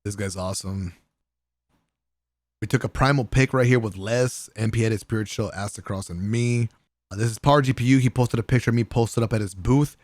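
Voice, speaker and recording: A gaming content creator telling a casual vlog story about a party, excitable and profane, often laughing and using slang. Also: male voice, fairly low pitch, a little fast, no room sound.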